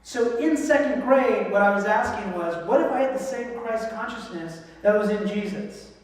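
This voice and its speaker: A man delivers a sermon with lively humor, acting out the voices of people in his stories. His voice sits high, and he sounds far from the mic, with a long, roomy echo filling the church hall around him. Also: normal speed. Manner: animated, joking, acts out voices in quotes. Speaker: guest speaker.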